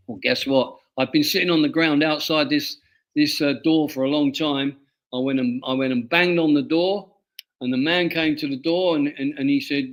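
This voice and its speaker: An older man from England, an author being interviewed, telling stories from his life with many halting restarts and repeated words. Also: on the high side, fairly bright tone. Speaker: author guest. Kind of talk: interview storytelling.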